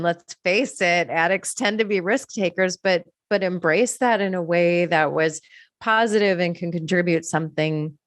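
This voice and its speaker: Female co-host, low voice, earnest and reflective, dry close sound. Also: no echo. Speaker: podcast co-host in recovery. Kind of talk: reflective personal sharing.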